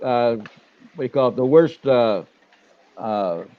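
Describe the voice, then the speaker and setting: A man's voice: mid-range voice, expressive, a little slow. An older man co-hosting a casual live chat as a business coach, rambling and searching for words. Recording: dull lo-fi live stream audio.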